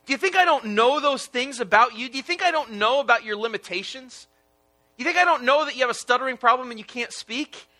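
A man's voice: high voice, expressive, measured pace, bright, forceful tone, heavily acted. A man voicing God in a sermon retelling, pressing with insistent rhetorical questions. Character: God, firm and questioning, older male voice. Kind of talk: sermon retelling with acted quotes.

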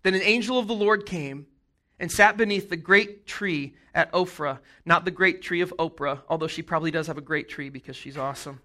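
A man preaches in a relaxed, conversational way, telling the story with jokes and quick asides. His voice sits high and sounds bright and forward. He acts out the characters as he goes. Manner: animated, jokey storytelling with acted-out voices. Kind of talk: casual sermon.

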